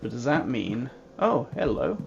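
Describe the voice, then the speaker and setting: Playful guy narrating his mystery game, mid-pitched voice, kinda dull lo-fi audio w/ faint hiss. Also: very animated, measured pace, gravelly, a little mellow. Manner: playful, reads game text aloud, hums little jingles. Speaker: gamer playing a mystery game. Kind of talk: let's-play commentary.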